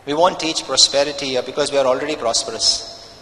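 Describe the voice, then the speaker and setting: A man's voice: mid-range voice, steady tone, fast talker, sharp tone, in a large hall, rough recording. A man preaching a sermon as pastor, emphatic and full of rhetorical questions.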